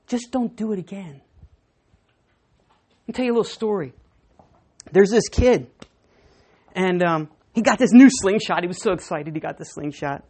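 A woman pastor preaching a sermon, telling stories and moving between hushed and emphatic delivery. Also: on the low side, normal speed, pauses often. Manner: storytelling, animated, swinging between hushed and emphatic.

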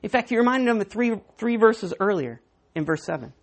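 Husky-voiced woman preaching a sermon. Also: mid-range voice, animated, a little fast. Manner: conversational, self-deprecating storytelling.

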